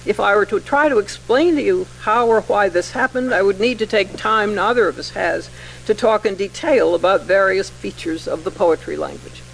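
Gravelly older woman giving a lecture. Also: mid-range voice, slight background noise, poor audio. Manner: measured, precise, wry. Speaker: English professor giving a lecture. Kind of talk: formal lecture with poetry read aloud. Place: lecture hall.

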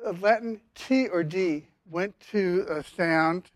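Older man, professor lecturing, slow unhurried delivery, halting with fillers, dry close sound. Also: high-pitched, no room sound. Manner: halting, many fillers and restarts. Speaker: linguistics professor. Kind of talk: university lecture.

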